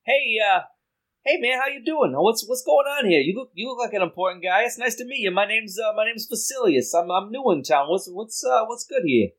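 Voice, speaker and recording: Guy putting on a stammery high-voiced schmoozer, laid-back, tries way too hard to be liked. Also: expressive, fairly bright tone, heavily acted. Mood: schmoozing. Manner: eager, halting, repeats words. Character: smooth-talking laid-back man schmoozing strangers.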